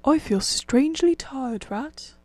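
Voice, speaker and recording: A woman's voice: sits high, expressive, slow, dark tone, no echo, voice pushed up. Weary little mole, read by a woman. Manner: tired, drowsy. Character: weary, humble male mole. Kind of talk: storybook reading.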